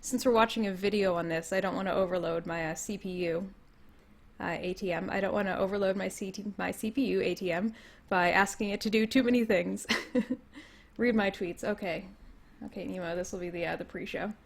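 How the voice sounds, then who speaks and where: A young woman with a Canadian accent, a little hoarse from losing her voice, rambling through a casual livestream from home, laughing often. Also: medium pitch, fairly even intonation, fairly quick. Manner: rambling, laughs often, reads chat comments aloud. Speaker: livestream host. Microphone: computer mic.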